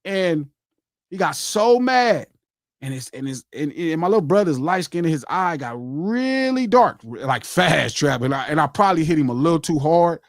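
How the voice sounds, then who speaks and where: A man hosting a podcast, telling a personal story in casual chat, animated and repetitive, acting out what people said. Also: a little high, moderate pace, dry recording, studio quality. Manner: animated, repeats himself, acts out quotes. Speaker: podcast host.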